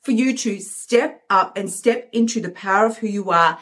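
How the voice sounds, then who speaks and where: A woman's voice: mid-range voice, moderate pace, fairly bright tone. A woman hosting a motivational live stream, talking energetically and acting out inner voices with emphasis. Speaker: host, coach.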